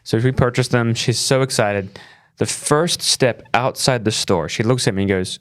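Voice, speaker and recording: A man's voice: mid-range voice, normal speed. A middle-aged man co-hosting a parenting podcast, telling a family story in casual chat and acting out the quoted lines. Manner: animated storyteller, acts out quoted voices. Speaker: podcast co-host.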